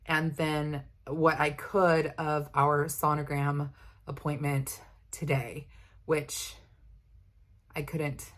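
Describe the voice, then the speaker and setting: A young woman holds a candid, chatty chat with her viewers, rambling a little as she goes. Her voice sits slightly low for a woman, relaxed and conversational. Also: slow. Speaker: vlogger. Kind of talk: casual chat.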